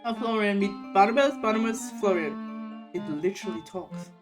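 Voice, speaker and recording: A woman commenting as she plays a story game, excitable and squealing, laughing often. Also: medium pitch, moderate pace, over music. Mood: playful. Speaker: gamer playing a story game. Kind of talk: let's play commentary.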